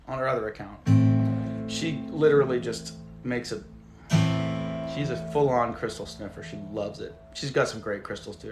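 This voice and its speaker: Gravelly, rambling live-stream guy. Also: medium pitch. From Southern California. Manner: loose, profane, rambling, reads chat aloud. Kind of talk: casual live stream chat. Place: at home among plants. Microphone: phone.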